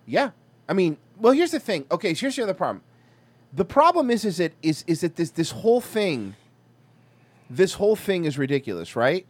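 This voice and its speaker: An American man co-hosting a podcast, crude and animated. His voice sits high and swoops widely. The sound is dry and close. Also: moderate pace, no echo. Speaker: podcast co-host. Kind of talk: casual chat.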